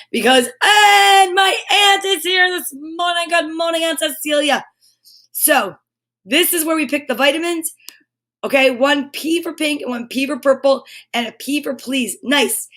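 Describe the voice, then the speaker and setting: A woman's voice: high voice, fairly bright tone. A woman hosting a morning livestream, upbeat and chatty, greeting viewers by name and exclaiming often. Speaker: livestream host.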